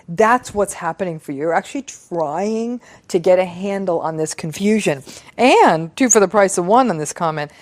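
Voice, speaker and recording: A middle-aged woman psychologist reading out viewer comments and reflecting on them in an earnest, measured, emphatic way. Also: deep voice, a little mellow. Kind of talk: reflective talk on relationships.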